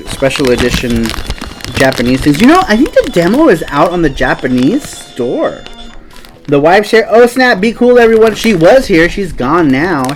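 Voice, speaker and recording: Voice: medium pitch, low-quality recording. Playful, teasing live-stream host. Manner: playful, teasing, jumps between topics. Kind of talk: casual live-stream chat.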